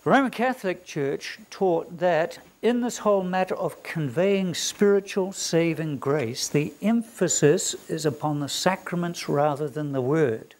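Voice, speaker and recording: A man with a New Zealand accent teaches a classroom lecture in a slightly high voice. He is emphatic, stresses key words and keeps asking his students rhetorical questions. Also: unhurried, hardly any pauses, darkish tone. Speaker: theology lecturer.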